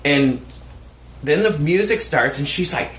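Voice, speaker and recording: Male podcast co-host, expressive storyteller, roomy sound with light noise. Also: fairly high pitch, a little slow. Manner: animated, profane storytelling with quoted voices. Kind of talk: casual storytelling chat.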